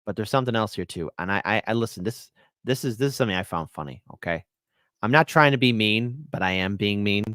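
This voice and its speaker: A man's voice: on the low side, lively intonation, quick pace, fairly bright tone, dry recording. Guy hosting a livestream, sarcastic and mocking, voice jumps all over, dry close sound. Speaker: livestream host. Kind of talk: live reaction commentary.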